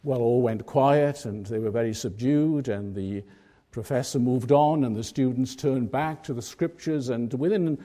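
A man preaching a sermon, telling a story in a measured way and stressing key words with emphasis. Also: medium pitch, mellow.

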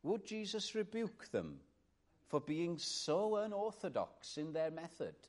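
A man preaching a sermon in an earnest manner, rising to emphatic calls and dropping to quiet reflection. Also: fairly high pitch, very animated, unhurried.

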